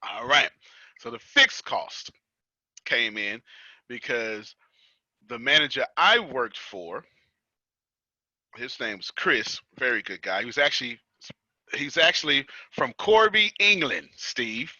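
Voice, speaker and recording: An American man with a very bright, ringing voice coaches a group in a loose, teasing chat, laughing often and circling back over his own lines. The sound is dry and a little dull, like a lo-fi video call. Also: mid-range voice, takes it slowly, pauses often, no room sound. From United States. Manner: lively, teasing, laughs often, repeats himself. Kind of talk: casual teaching chat.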